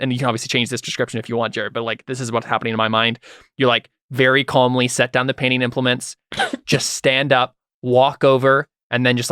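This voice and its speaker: A man's voice: mid-range voice, fairly bright tone, no room sound, clean studio sound. A man narrating as game master in a tabletop role-playing game, rambling with many fillers and restarts.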